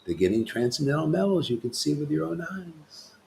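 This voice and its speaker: A man giving a devotional sermon as a spiritual master, scolding and emphatic, swinging from loud declarations to hushed asides. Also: fairly high pitch, very animated, a little fast, vocal fry, slight background noise.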